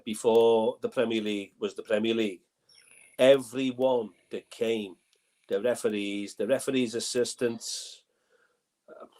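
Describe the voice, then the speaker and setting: An older man co-hosting a football fan chat, animated, with pushy asides. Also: medium pitch. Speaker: fan channel co-host.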